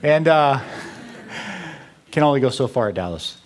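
Man speaker, lively storyteller, acts out dialogue, humor-driven talk to a crowd. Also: medium pitch, normal speed. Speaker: speaker on theology.

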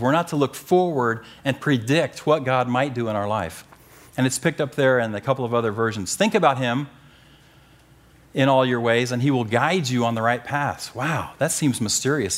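A middle-aged man preaching and teaching from the Bible, animated and joking, pushing key phrases up with emphasis. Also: medium pitch, moderate pace. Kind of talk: sermon-style Bible teaching.

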